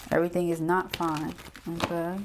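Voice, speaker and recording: A woman's voice: fairly low pitch, level tone, moderate pace, noisy background. Slangy, chatty woman reading tarot cards. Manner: chatty, slangy, asks "okay?" often. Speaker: tarot reader.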